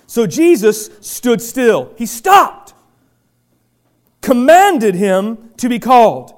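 High-voiced preaching man. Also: big pitch swings, a little slow. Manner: preaching with many restarts, rising to loud emphatic shouts. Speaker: pastor. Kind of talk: sermon.

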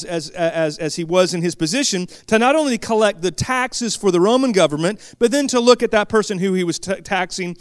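High-voiced impassioned male preacher. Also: clear, resonant tone, no room sound, studio quality. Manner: impassioned, swings from quiet asides to shouted climaxes; frequent stammered restarts. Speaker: pastor. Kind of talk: sermon.

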